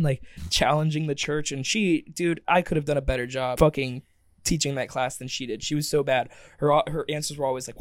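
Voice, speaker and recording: Animated young man telling stories. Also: on the high side, brisk, dry recording, clean studio sound. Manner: animated storyteller, swears freely, acts out quotes. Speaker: podcast host. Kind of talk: casual chat.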